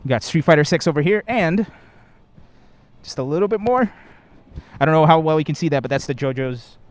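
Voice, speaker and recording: A man's voice: a little high, brisk. A man hosting a live fighting-game show from a convention floor, joking and a bit out of breath. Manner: energetic, joking, says he is out of breath. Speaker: host. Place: large indoor convention hall floor.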